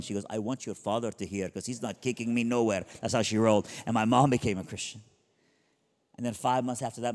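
A man's voice: fairly low pitch, darkish tone. A pastor, originally from Iran, telling his own conversion story in an earnest, conversational way, with punchy paired contrasts. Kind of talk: personal testimony talk. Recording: long hall reverb.

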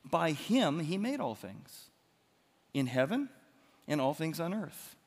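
A man preaching a sermon, animated, moving from loud emphatic lines to quiet ones. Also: on the high side, slow, breathy edge. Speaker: pastor. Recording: long hall reverb.

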